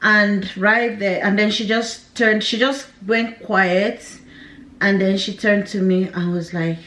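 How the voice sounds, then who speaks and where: A woman's voice: mid-range voice, fairly even intonation, takes it slowly, fairly bright tone, echoey room. A young woman, candidly and emotionally telling a personal story to camera, with nervous laughs. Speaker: vlogger.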